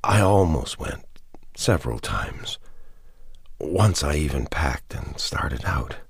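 A man reading the part of a wounded dying man who speaks in faltering, breathy half-whispers. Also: a bass voice, big pitch swings, takes it slowly, no room sound, studio quality, exaggerated voice. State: in pain, out of breath.

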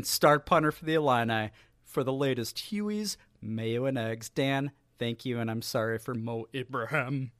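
A man hosting a sports podcast, talking in a joking, teasing, excitable way. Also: medium pitch, no room sound, studio quality. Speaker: podcast host. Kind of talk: casual sports podcast banter.

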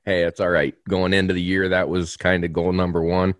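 A man co-hosting a casual hunting podcast, relaxed and teasing, laughing easily. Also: sits low, brisk, no echo, studio quality. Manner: laid-back, laughs often, teasing. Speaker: podcast co-host.

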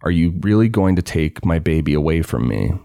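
A man reading out the lines of a frightened young woman held captive, who speaks soft but firm and pleads. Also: rumbling low, lively intonation, fairly quick, vocal fry, no echo, clean studio sound, full character voice. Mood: pleading.

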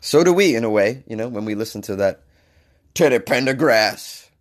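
A man's voice: on the low side, expressive, quick pace, a little mellow. A man giving casual, jokey commentary while reading out a science news story, with sarcastic asides. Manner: jokey, sarcastic asides, mock-crooning bits.

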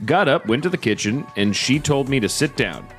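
A man co-hosts a comedy podcast, reading posts aloud word for word while stopping to joke about them. His voice swings widely in pitch, and his delivery is animated and full of laughing asides. Music plays faintly behind him. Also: fairly quick. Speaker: podcast co-host.

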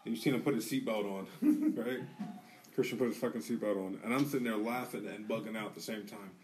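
A man's voice: on the low side, quick pace, far from the mic. A man co-hosting a podcast, telling a rowdy story in a casual way. He swears a lot and acts out what people said. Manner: animated, profane, acts out quotes. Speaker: podcast co-host.

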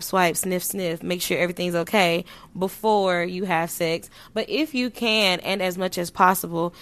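A woman vlogging to camera in a casual chat, frank and playful with slang and swearing, her loudness jumping up and down as she talks. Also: lowish voice. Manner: animated, sudden jumps in loudness. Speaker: vlogger giving sex advice.

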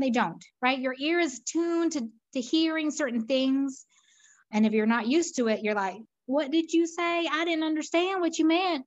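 A woman's voice: fairly high pitch, no room sound, highs cut off. A middle-aged woman from Peru, a guest, telling her story thoughtfully with frequent fillers and restarts. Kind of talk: reflective conversational storytelling.

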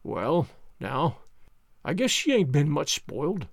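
A man's voice: animated, normal speed, darkish tone, no echo, studio quality. A man doing a shy, muttering old farmer. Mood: proud, muttering. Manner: low, muttering, folksy. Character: shy older farmer, gruff and proud.

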